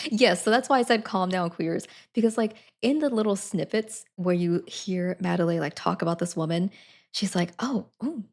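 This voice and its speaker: A woman's voice: lowish voice, steady tone, moderate pace. A young woman streaming a casual book review, rambling and self-correcting with frequent giggles.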